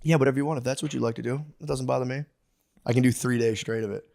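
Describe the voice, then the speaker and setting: A man in his thirties co-hosting a podcast, rambling and excitable, acting out quotes as he tells stories. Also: mid-range voice, racing, gravelly. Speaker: podcast co-host. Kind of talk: casual chat. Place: podcast studio.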